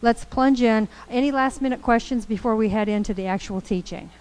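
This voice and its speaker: A woman's voice: a little high, brisk, a little mellow, clear, resonant tone, low-quality recording. Upbeat woman giving a training lecture. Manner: conversational, upbeat, storytelling with acted quotes. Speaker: course trainer.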